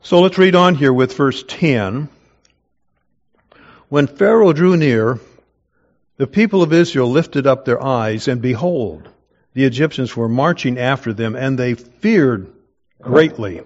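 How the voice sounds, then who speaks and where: A man of middle pitch leads a verse-by-verse Bible teaching. He reads scripture aloud, then explains it in an easy, conversational way. The recording sounds a little dull and lo-fi. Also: lively intonation, takes it slowly, pauses often.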